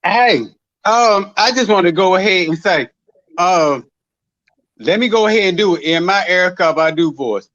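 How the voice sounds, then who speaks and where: A man from North Carolina calls in to a show, blunt, crude and rambling. His voice is high for a man. It comes over a dull, dry phone line. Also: animated, normal speed, fairly bright tone, no room sound. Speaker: caller. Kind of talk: phone call-in.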